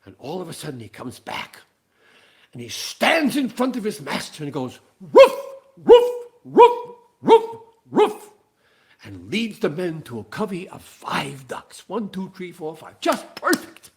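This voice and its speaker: Man, animated comic storyteller, fairly high, very lively voice. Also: normal speed. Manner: animated, playful joke-telling. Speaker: singer-songwriter and storyteller. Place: living room.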